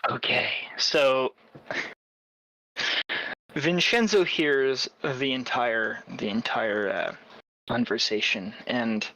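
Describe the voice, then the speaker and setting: A man narrating as game master of a tabletop role-playing game, with lively, descriptive storytelling. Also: mid-range voice, slow pace, long pauses, no room sound, low-quality recording.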